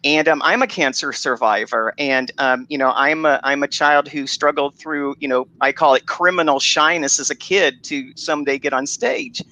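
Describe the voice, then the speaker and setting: Bright-voiced man telling an animated story. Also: a little high, normal speed, few pauses, poor audio. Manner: animated storytelling, self-interrupting. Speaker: co-author guest. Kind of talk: casual chat.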